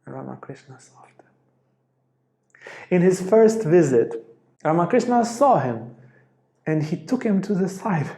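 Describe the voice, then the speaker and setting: A man with a slightly high voice but a mellow, warm tone, giving a spiritual teaching through an animated story and acting out the quotes. His voice rings around a roomy, echoey space. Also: unhurried, pauses often. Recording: echoey room.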